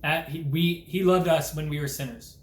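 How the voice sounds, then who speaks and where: A man's voice: fairly high pitch, steady tone, normal speed, roomy sound. A young man delivering an impassioned, earnest preaching monologue as a Christian vlogger, urgent and full of rhetorical questions.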